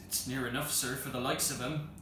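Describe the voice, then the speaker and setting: A stubborn, wary manservant from a storybook, as a man puts him on. He talks in firm rustic dialect with a bright edge. It echoes in a roomy hall. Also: mid-range voice, fairly even intonation, brisk, lightly acted. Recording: roomy hall with faint noise.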